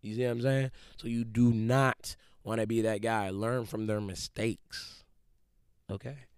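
A man in his twenties giving a casual motivational talk, slangy and animated, acting out quick quoted voices. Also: on the low side, smooth, dry recording, studio quality. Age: 20s.

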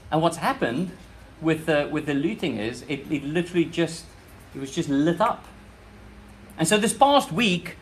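A man's voice: on the high side, slight background noise. A man with a South African accent preaching a sermon in church, earnest, often repeating words and restarting phrases as he presses his points. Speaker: pastor.

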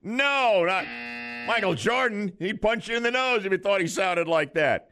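A man's voice: high voice, moderate pace, a little hiss or hum. A male morning radio host running a call-in quiz game with jokey banter. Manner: jokey, lively delivery.

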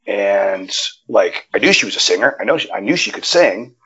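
A man guest on a wrestling interview, telling stories in a casual, profane and animated way, his pitch jumping up when he gets excited. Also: moderate pace, breathy edge, highs cut off. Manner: animated, profane storytelling with sudden jumps in pitch. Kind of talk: casual storytelling chat. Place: Nevada.

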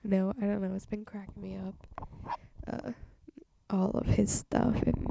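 A woman's voice: mid-range voice, flat delivery, measured pace, gravelly, background noise. A young woman hosting her own podcast, rambling in an offhand, self-mocking way as she chats alone. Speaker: podcast host. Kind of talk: casual solo chat.

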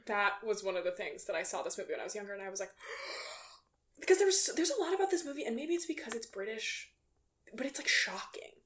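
A young woman co-hosting a casual podcast chat, chatty and laughing often. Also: medium pitch. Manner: chatty, laughing, quick asides. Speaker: podcast co-host.

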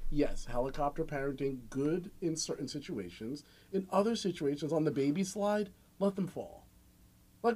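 Male podcast talker, slightly high-pitched, lively, acts out little scenes. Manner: animated storytelling with acted-out quotes, frequent swearing. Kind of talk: casual podcast chat.

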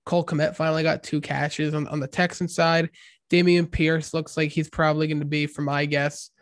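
Slightly high-voiced fantasy football co-host. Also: male voice, flat delivery, normal speed, no room sound, clean studio sound. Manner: hesitant, fantasy-football analysis with fillers. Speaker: podcast co-host. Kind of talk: casual sports chat.

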